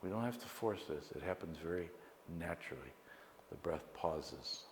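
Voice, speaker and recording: A very deep-voiced man leads a guided meditation lecture, slow and calm, pausing between phrases. His voice rings through an echoey hall with a long reverb tail. Faint room ambience sits underneath. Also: gravelly, slight background noise. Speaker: meditation teacher.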